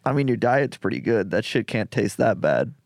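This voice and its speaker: A young man co-hosting a casual comedy podcast, teasing his friend in a deadpan way. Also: fairly low pitch, moderate pace, no room sound, clean studio sound. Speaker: podcast co-host.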